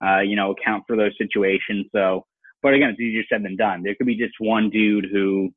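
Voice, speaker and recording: A man's voice: on the low side, steady tone, fairly quick, breathy edge, dry recording. A man with a Boston accent, a sports reporter guest chatting casually and rambling with lots of "you know" fillers. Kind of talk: casual podcast chat. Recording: dry tinny phone-like line.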